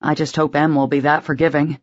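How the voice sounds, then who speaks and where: A woman's voice: sits low, flat delivery, brisk, muffled recording, natural voice. A woman voicing an uneasy, hesitant young man. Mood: nervous. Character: nervous young man, anxious boyfriend.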